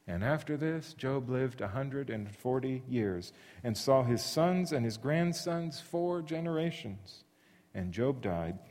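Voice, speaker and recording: A man's voice: mid-range voice, dark tone. A man preaching a sermon in an earnest, emphatic way, sometimes restarting his phrases. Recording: long hall reverb.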